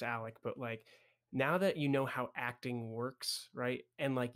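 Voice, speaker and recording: A man's voice: mid-range voice, fairly bright tone. A young man co-hosting a podcast, chatting casually and enthusiastically about a film, full of "like" and "right?". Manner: enthusiastic, many "like" and "right?" fillers. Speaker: podcast co-host.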